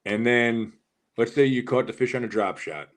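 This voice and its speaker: A man's voice: mid-range voice, moderate pace. Rambling, cussing fishing storyteller man. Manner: long rambling stories, swears freely. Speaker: fishing show panelist. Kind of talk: casual live show chat.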